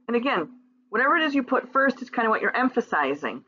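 A woman with a bright, clear voice gives a recorded German lesson. She explains in English and reads each German example slowly and carefully. The recording sounds a little dull and lo-fi. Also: a little high, big pitch swings. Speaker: German teacher.

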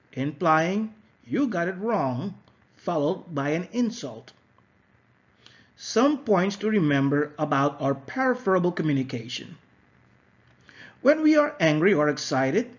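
Slow-speaking man narrating a lesson. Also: on the high side. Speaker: instructor. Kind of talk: scripted narration. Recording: dull lo-fi audio.

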